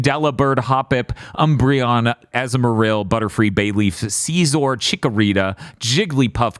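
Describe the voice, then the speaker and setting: A man's voice: medium pitch, clean tone, dry recording, studio quality. A man co-hosting a casual podcast review, rambling and laughing often. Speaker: podcast co-host.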